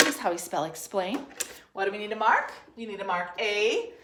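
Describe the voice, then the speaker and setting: A woman teacher leading a third grade spelling dictation, speaking slowly and sounding out each syllable and letter with care. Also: medium pitch, expressive, very noisy. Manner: slow, clearly enunciated, sounding out letters and syllables. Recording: roomy echo.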